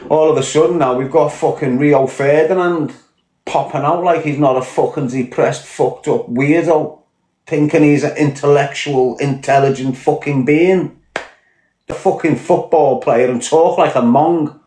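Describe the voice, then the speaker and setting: A man's voice: a little high, measured pace, mellow. A man with a Liverpool Scouse accent, ranting bluntly and profanely on a podcast. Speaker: podcast guest. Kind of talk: podcast rant. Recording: echoey room.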